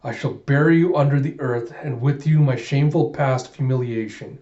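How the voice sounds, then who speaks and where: A man voicing a vengeful male cyborg villain in a low, menacing growl, in a comic read-aloud. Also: normal speed, dark tone, reverberant, muffled recording, natural voice.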